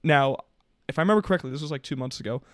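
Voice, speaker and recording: Young male podcast co-host, quick and animated, slightly high voice, dry close sound. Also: no echo. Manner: animated storyteller, shouts in retold quotes. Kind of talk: casual chat.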